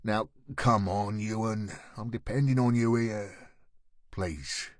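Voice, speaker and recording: A man voicing a weary older male police chief who speaks low and pleading. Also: takes it slowly, dry recording, studio quality.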